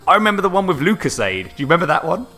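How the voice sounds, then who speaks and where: A man co-hosting a casual gaming podcast, animated and quick to laugh, acting out quotes in high voices. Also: faint music behind. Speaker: podcast co-host.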